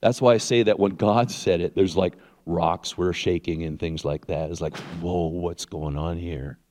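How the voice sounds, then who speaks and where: A man preaching a sermon as a pastor, in an animated, conversational way with frequent restarts. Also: low voice, moderate pace, big-room sound.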